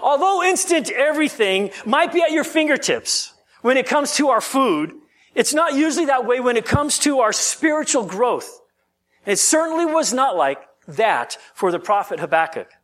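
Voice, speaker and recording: A man preaching a sermon, reading scripture slowly and then talking it through in a conversational way with frequent restarts. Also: extremely high pitch, big pitch swings, fairly bright tone. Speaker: pastor.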